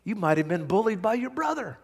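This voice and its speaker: A middle-aged male pastor preaching a sermon, telling stories with big swings from hushed to loud. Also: high voice, a little fast, creaky, husky. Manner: animated storytelling, swings from quiet to loud. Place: large church hall. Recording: hall reverb.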